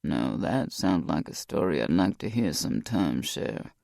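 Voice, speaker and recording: A woman voicing an undercover male special-ops hero with Cajun flair, talking in a low, swaggering mobster manner. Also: sing-song, unhurried, vocal fry, mellow, dry recording, clean studio sound, heavily acted. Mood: flirting.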